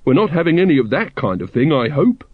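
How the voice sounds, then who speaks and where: A man's voice: on the high side, very animated, normal speed, slightly rough, no echo, phone-quality sound, pitched above the performer's own voice. A man reading aloud as a naive, polite, very tall young male watchman. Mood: earnest. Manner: polite and guileless.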